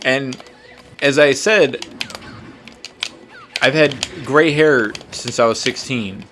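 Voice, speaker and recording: A man's voice: medium pitch, takes it slowly, noisy background. Rambling, cursing young man telling stories. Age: 20s. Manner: rambling, profane, self-mocking. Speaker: podcast host. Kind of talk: casual storytelling while gaming.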